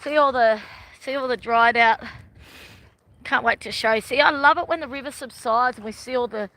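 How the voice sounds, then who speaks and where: A woman's voice: on the high side, moderate pace, fairly bright tone. A middle-aged Australian woman chatting casually on a live stream while she walks outdoors by a river, rambling and often laughing. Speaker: vlogger.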